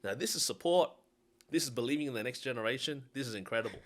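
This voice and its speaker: A man's voice: mid-range voice, fast talker. A man with an Australian accent, chatting casually as a podcast co-host and telling stories with animation. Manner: animated storyteller, laughs through his stories.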